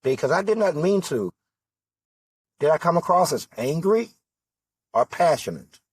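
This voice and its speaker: Slow, deliberate male political candidate, husky timbre, hammering rhetorical questions. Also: a little high, sing-song, dry recording. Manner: rhetorical questions, emphatic repetition. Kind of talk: impassioned political monologue.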